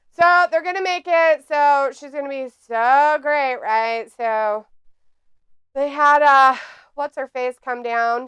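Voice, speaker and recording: A woman's voice: high-pitched, fairly bright tone, clean tone, no echo. A woman hosting a live watch-along stream, reading chat aloud in a snarky, sarcastic way.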